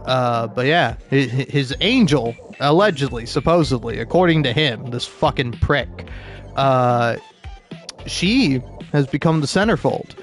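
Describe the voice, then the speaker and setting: A man's voice: medium pitch, expressive, measured pace, soft background music. Profane ranting man, game commentary. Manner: ranting, profane, laughing at himself. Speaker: gameplay streamer.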